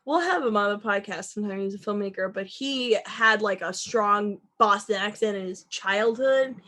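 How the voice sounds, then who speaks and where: A woman co-hosting a podcast in casual chat, animated and giggly as she tells stories. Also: mid-range voice, moderate pace. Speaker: podcast co-host.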